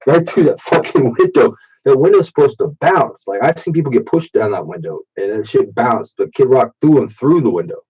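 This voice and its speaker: A man's voice: mid-range voice, animated, brisk, a little mellow, slightly rough. A man in his late thirties with a stuffy nose from allergies, telling rambling, profane stories on a late-night live stream while drinking. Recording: dull, muffled default mic.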